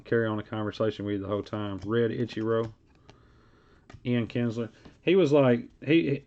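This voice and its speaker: A man's voice: mid-range voice, darkish tone. Man chatting while opening cards. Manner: rambling, reads card names aloud between stories. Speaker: card break host. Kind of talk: casual live-stream chat while opening card packs. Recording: dull lo-fi stream audio.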